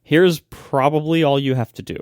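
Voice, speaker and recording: A man's voice: on the high side, moderate pace, a little mellow, smooth, no echo, clean studio sound. A man co-hosting a tech podcast, chatting casually and giving wry, practical advice. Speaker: podcast co-host. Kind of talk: casual chat.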